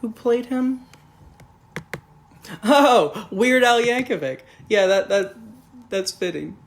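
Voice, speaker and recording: A man's voice: sits high, slow. A man casually reviewing a film in a rambling, profane, sarcastic way.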